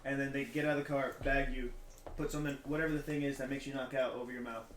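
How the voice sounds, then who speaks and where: A man's voice: medium pitch, steady tone, fast, reverberant, a little hiss or hum. A young man co-hosting a podcast, playful and laughing, spinning silly scenarios. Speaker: podcast co-host. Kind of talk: casual chat.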